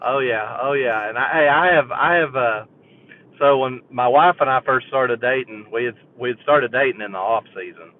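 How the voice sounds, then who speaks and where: A man's voice: mid-range voice, moderate pace. A man calling in to a sports show, telling a rambling fan story and laughing as he goes. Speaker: caller. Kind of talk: phone-in chat. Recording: tinny phone line with faint hiss.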